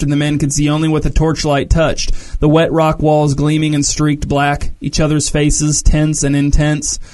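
A man reading a story aloud as narrator, measured and descriptive. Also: a little high, a little mellow.

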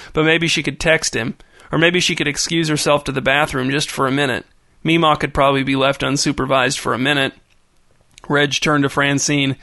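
A man narrating a story in an even, storytelling manner. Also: on the high side, no echo, studio quality. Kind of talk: audiobook narration.

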